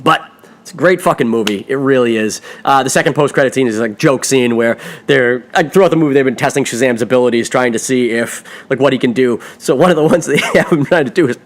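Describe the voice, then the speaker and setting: A man giving an excited, rambling film review on a podcast, swearing freely. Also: medium pitch, fast talker. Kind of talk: casual movie review.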